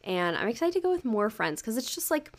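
A woman's voice: on the high side, big pitch swings, fairly quick. A young woman hosting her own podcast, talking in a loose, chatty way. She swears freely, mocks herself and fills her talk with "um" and "like". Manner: chatty, swearing, self-mocking, lots of fillers. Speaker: podcast host. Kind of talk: casual solo podcast chat.

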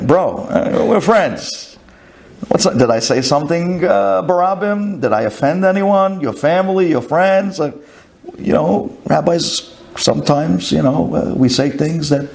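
A man's voice: fairly high pitch, gravelly, darkish tone, a little hiss or hum. A man, a rabbi, telling a story to a group, acting out his own thoughts with rhetorical questions and Hebrew and Yiddish words. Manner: sprinkles in Hebrew and Yiddish terms.

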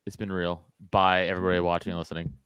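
A man's voice: low voice, little pitch movement, rapid-fire, a bit bright, clean tone. A man co-hosting a podcast, teasing his friends with profane jokes and laughter. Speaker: podcast co-host. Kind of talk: casual banter.

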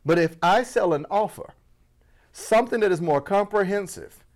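A man from Florida coaching on business, talking to the audience as family with a playful, animated delivery. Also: sits high, normal speed. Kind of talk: energetic motivational teaching.

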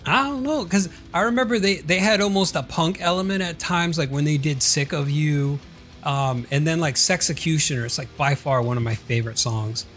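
A man's voice: fairly high pitch, moderate pace, fairly bright tone, soft background music. A man co-hosting a podcast in casual chat, chatty and laughing along. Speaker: podcast co-host.

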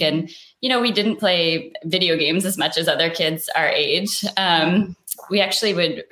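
A woman's voice: lowish voice, a bit bright. A woman guest chatting casually and reminiscing in an easygoing way. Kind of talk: casual chat.

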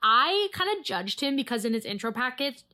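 High-voiced chatty woman podcaster. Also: big pitch swings, pushed and bright. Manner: chatty, playful, quick to laugh. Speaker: podcast co-host. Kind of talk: casual chat recapping a reality show.

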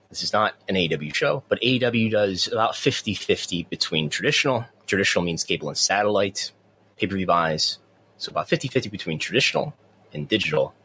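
A man's voice: deep voice, fairly bright tone, a little hiss or hum. A man co-hosting a casual wrestling news talk show, rambling with frequent restarts. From near the US–Canada border. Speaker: podcast co-host.

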